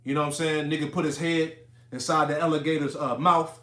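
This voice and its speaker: A man's voice: fairly high pitch, flat delivery, a little fast, fairly bright tone, echoey room. A man giving a casual, profane, emphatic Bible teaching, reading verses and riffing on them conversationally.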